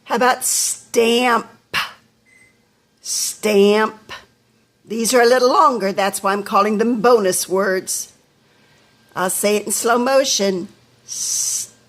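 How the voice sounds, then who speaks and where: A woman teaching a phonics lesson to young children, slowly sounding out each word letter by letter. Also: mid-range voice, a bit bright. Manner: slow, deliberate, sounding out letters one by one.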